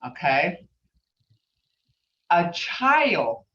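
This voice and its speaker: A middle-aged woman teaching a language class, repeating words slowly and spelling out their sounds. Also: medium pitch, lively intonation, a bit bright. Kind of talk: slow, patient classroom teaching. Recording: far, roomy, dull, faintly noisy classroom recording.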